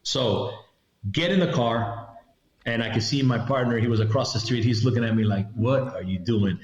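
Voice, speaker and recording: A man's voice: mid-range voice, normal speed. Middle-aged man telling a story, roomy sound. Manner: animated storyteller who acts out the voices of others in his story. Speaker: guest, retired federal agent. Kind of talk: recounting a story in a podcast interview. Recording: roomy, slightly dull sound.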